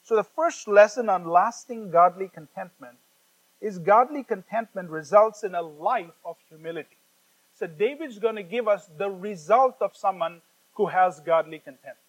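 A man with a fairly high voice delivers a sermon in an explanatory teaching tone. He slows down and leans on the words when reading scripture aloud, with an occasional filler between points. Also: rough recording. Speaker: preacher.

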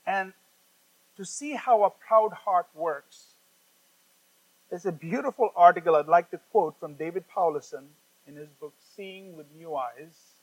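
A man with a fairly high voice delivers a sermon in an explanatory teaching tone. He slows down and leans on the words when reading scripture aloud, with an occasional filler between points. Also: low-quality recording. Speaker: preacher.

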